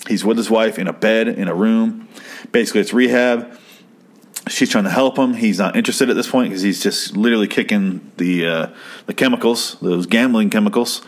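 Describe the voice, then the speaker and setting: Excitable, profane young man rambling. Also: lowish voice, a little fast. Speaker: show host. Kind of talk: casual episode recap commentary.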